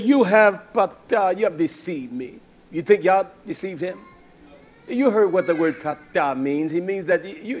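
Male preacher, high voice, folksy sermon with acted-out quotes. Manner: folksy storytelling preaching, acts out quoted dialogue.

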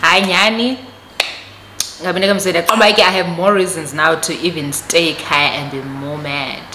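A South African woman telling a story on her vlog, animated and switching between Xhosa and English. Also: on the low side, normal speed, background noise. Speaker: vlogger. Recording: echoey room recording.

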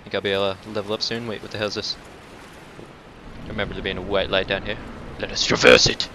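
A man doing casual let's-play commentary, cursing and taunting enemies, dropping to mutters and then breaking into loud outbursts. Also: lowish voice, flat delivery, fast, slight background noise. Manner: profane, talks back to enemies, swings between mutters and outbursts. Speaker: gameplay commentator.

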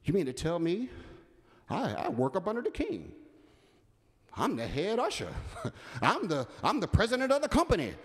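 A man's voice: sits high, lively intonation, normal speed, few pauses, pitched above the performer's own voice. A man preacher voicing a proud, furious army captain who is outraged at being slighted. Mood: indignant. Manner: indignant, pompous outrage. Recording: reverberant hall.

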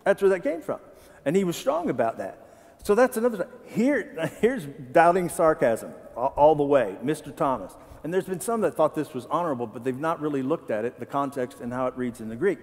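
A fairly quick, expressive male voice, a little high and a little mellow, trails a long reverb tail. The pastor preaches conversationally in a church sanctuary, regularly turning questions to the congregation.

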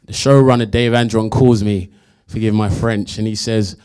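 A young adult man, a guest actor at a Q&A, telling animated stories and acting out quotes with laughs. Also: fairly low pitch, normal speed, clear, resonant tone. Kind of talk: anecdotal storytelling at a Q&A.

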